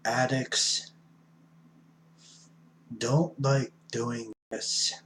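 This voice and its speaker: A man's voice: mid-range voice, fairly even intonation, drawn-out words, fairly bright tone, a little hiss or hum, low-quality recording. A man in his fifties talking in a casual vlog, playful and theatrical, dropping into whispers and spelling words out. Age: 50s. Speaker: addiction counselor vlogger. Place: rooming house room at night.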